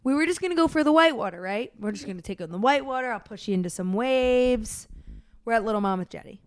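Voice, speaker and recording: A woman's voice: on the high side, animated, fast talker, dry recording, studio quality. A woman interviewing her son, talking eagerly and prompting him with short questions as she retells a story. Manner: acts out voices while retelling. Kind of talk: casual storytelling chat.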